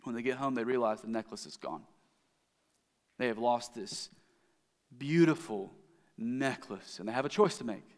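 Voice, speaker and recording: A man's voice: medium pitch, expressive, moderate pace, long pauses. A man giving a sermon as the pastor, telling a story in a conversational way with frequent restarts. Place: church sanctuary. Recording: long hall reverb.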